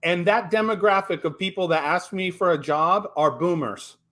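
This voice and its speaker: A man's voice: high-pitched, moderate pace, fairly bright tone. A man calling in to a talk show, ranting emphatically with stumbling restarts and blunt profanity. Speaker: caller. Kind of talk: call-in radio chat.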